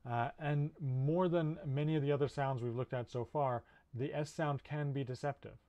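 A man's voice: mid-range voice, steady tone, normal speed, warm tone. A man teaching in a recorded video lecture, explaining patiently with frequent "uh" fillers. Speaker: linguistics instructor.

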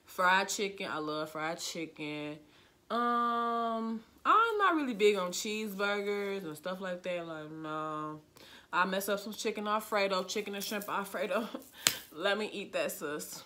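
A woman's voice: medium pitch, lively intonation, measured pace, pushed and bright, slight background noise. A young woman from Chicago with a Chicago accent, chatting casually in a goofy, rambling vlog where she fills her talk with "like.". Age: young adult. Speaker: vlogger. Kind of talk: casual get-to-know-me chat.

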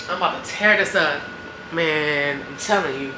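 A woman's voice: deep voice, normal speed, bright, forceful tone, echoey room, a little hiss or hum. A young woman vlogger, chatting playfully and directly to her viewers. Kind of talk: casual sponsored vlog chat.

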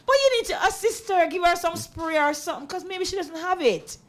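A woman's voice: very high voice, brisk, a bit bright. A woman co-hosting a radio talk show, bantering and teasing in a Patois-flavored casual chat. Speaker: radio co-host.

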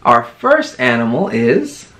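A young man speaks to toddlers in a slow, patient voice, stretching every word out. His pitch leaps up and down as he models each new word. He sounds like a friendly early-learning teacher. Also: wildly swooping pitch, a bit bright, a little hiss or hum. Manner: slow, exaggerated, sing-song word modelling. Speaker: children's teacher.

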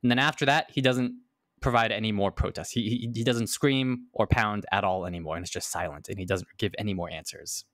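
A man's voice: lowish voice, a little fast, fairly bright tone, no room sound, clean studio sound. A man hosting a podcast, explaining a study in casual chat and repeating words as he thinks. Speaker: podcast host.

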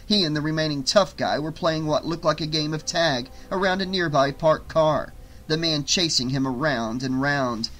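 A man narrates an audiobook in a bright, slightly high voice with a steady, even reading. Faint music plays softly underneath. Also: normal speed, rough recording. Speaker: audiobook reader.

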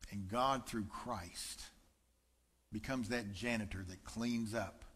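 A man pastor giving a sermon and prayer, telling a story earnestly and growing soft and emotional. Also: lowish voice, slow pace, slightly rough, in a large hall. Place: church sanctuary.

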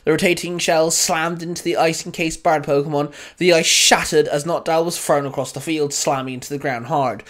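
A man reading a fan fiction story aloud in a steady storytelling voice. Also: on the high side, normal speed, hardly any pauses. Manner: steady reading with small restarts.

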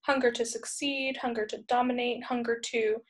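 A woman's voice: fairly high pitch, flat delivery, normal speed, natural voice. A woman voicing a pompous male behavioral analyst professor in a storybook reading, smug and lecturing.

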